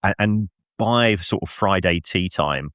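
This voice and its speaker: A middle-aged man, a football finance expert guest on a podcast, telling an animated story with lots of restarts and self-mocking laughs. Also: low-pitched, a little slow, smooth, no echo, studio quality. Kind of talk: casual podcast anecdote and analysis.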